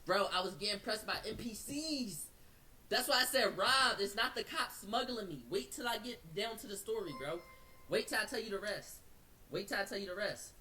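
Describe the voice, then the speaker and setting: A man's voice: high-pitched, normal speed, distant mic, a little hiss or hum. Slangy man telling a wild story. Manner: slangy, acts out quotes, speeds up when excited. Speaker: storyteller recounting an incident. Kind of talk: animated casual storytelling.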